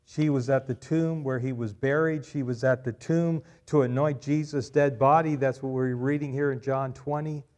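A male pastor preaching a sermon, swelling loud on key phrases and dropping quiet after them. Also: mid-range voice, fairly even intonation, moderate pace, few pauses.

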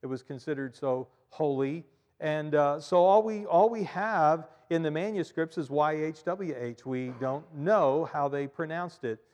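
A man preaching a sermon in a church, animated, often repeating and stressing his points, with frequent fillers. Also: on the high side, a little slow, long reverb tail. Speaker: pastor.

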